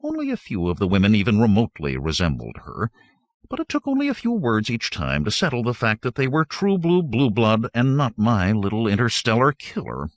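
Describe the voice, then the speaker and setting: A man narrating a novel in the first person, with wry, lively storytelling. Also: lowish voice, brisk, dry recording. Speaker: audiobook narrator.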